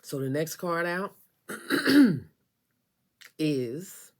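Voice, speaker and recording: A woman's voice: on the low side, very animated, drawn-out words, a little hiss or hum. A woman giving a casual tarot reading, talking straight to the listener in an emphatic, sassy way and repeating phrases for effect. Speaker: tarot reader.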